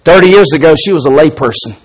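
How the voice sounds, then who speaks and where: A middle-aged man with an Alabama accent preaches from the pulpit. His voice sits somewhat high, and he tells stories with rising, emphatic force. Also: expressive, quick pace, rough recording. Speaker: pastor. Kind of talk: sermon.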